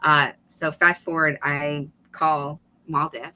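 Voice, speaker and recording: A woman guest on a video call webinar, telling an animated story with quick asides and laughter. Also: low voice, a little hiss or hum, rough recording. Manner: animated, fast-paced storytelling with laughs and restarts. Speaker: guest, author and former state legislator.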